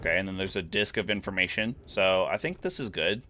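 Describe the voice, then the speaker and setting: A man's voice: sits low, a little fast, bright, forceful tone, a little hiss or hum. A man giving casual, rambling gameplay commentary, musing aloud as he plays. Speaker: gaming streamer.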